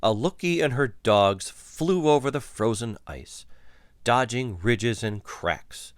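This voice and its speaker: A man reading a children's picture book aloud in an unhurried, expressive way. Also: medium pitch, no room sound, clean studio sound. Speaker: storyteller.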